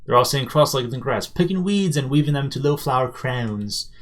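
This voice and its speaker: A man streaming live, reading a visual novel's narration aloud in an animated way. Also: mid-range voice, fairly quick.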